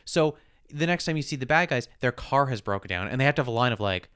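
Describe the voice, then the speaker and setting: A man's voice: medium pitch, lively intonation, fast, fairly bright tone, clean tone. A man co-hosting a podcast, casually recapping a TV episode in a wry, agreeable way. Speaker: podcast co-host. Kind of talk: casual chat recapping a TV show.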